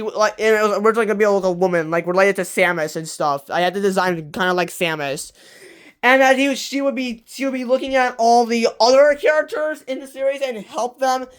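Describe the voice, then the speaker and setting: A young channel creator in their late teens giving a casual update, rambling in rushed bursts with many restarts and self-corrections. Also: mid-range voice, a bit bright. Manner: breathless rush, trailing off with fillers. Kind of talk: casual rambling vlog talk.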